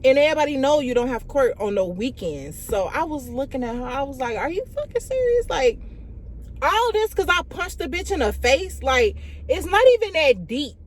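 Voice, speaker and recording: A young woman, telling a storytime vlog in an animated, profane way, full of "like" and "y'all". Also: high-pitched, normal speed, slight background noise. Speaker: vlogger.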